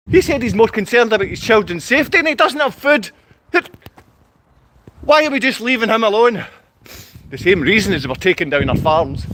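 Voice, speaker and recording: A man's voice: high-pitched, a bit bright, slight background noise. A man ranting angrily on a livestream, berating and confronting his viewers in blunt, repetitive bursts. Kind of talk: angry livestream rant.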